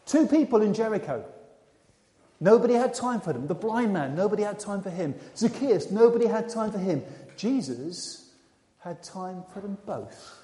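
A man preaching a sermon, retelling a Bible story as a dramatic storyteller who turns quiet and intimate. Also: high-pitched, animated, normal speed. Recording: echoey hall with long reverb.

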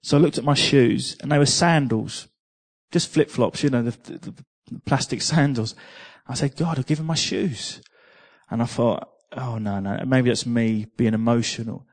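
A man speaks to a congregation in an ordinary mid-range voice at a moderate pace. His sermon is a personal testimony told conversationally, with repeated words and little laughs along the way.

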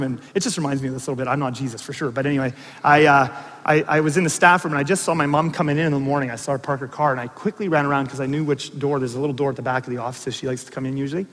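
A man's voice: a little high, in a large hall. A man preaching a sermon as pastor, telling stories with asides and questions to the congregation. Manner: animated storytelling with asides and audience questions.

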